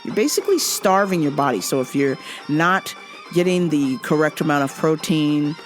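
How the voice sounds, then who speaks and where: A woman's voice: low voice, normal speed, faint music behind. A woman hosting a show in a casual comedic monologue, profane and often laughing. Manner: animated, profane, laughing a lot. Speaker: show host.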